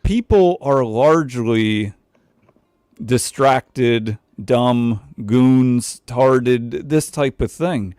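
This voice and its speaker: A man hosting a casual livestream chat, loose and joking, talking in quick bursts. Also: mid-range voice, a little mellow, clean tone, no echo, studio quality, soft background music. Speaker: livestream host.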